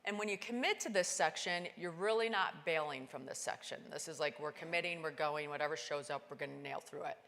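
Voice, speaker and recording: A woman giving a keynote talk, telling a climbing story and acting out the dialogue with lively, animated delivery. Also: brisk, gravelly, few pauses. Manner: animated, acts out dialogue with big pitch jumps. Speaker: keynote speaker. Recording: long hall reverb.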